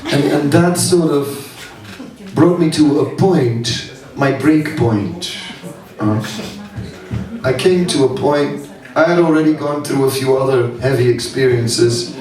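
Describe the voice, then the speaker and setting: A man's voice: medium pitch, a little mellow. A man, a monk giving a seminar, telling stories with frequent chuckles. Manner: slow, chuckling, anecdotal. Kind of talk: storytelling talk. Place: hall at a summer camp. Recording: echoey hall from far off, audience.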